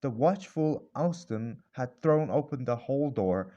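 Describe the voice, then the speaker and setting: A man narrating a classic novel as an audiobook in measured storytelling. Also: mid-range voice, animated, dark tone, dull audio. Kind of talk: scripted narration.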